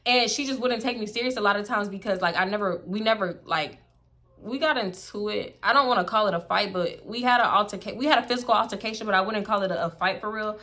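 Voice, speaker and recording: A young woman telling a story to camera, casual, animated and blunt, swearing freely. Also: mid-range voice, quick pace. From Houston, Texas. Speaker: storytime vlogger.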